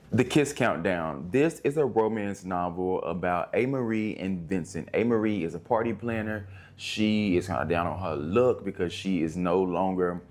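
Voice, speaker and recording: A man's voice: low-pitched, darkish tone. A young man casually reviewing books, chatty and rambling, full of slang. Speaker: book reviewer. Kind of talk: casual book review vlog.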